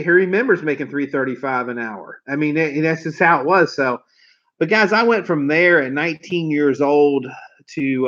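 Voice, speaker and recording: A man's voice: on the high side, fairly bright tone. A man, a car sales trainer telling rambling, salty stories to camera. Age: 40s. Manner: swearing, folksy, rambling storyteller. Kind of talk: storytelling to camera. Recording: dull lo-fi recording.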